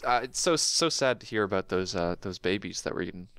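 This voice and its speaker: Bright-voiced young man, joking podcast host. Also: deep voice, lively intonation, fairly quick, clean tone, dry recording, clean studio sound. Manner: joking, rambling with many fillers. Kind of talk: casual chat.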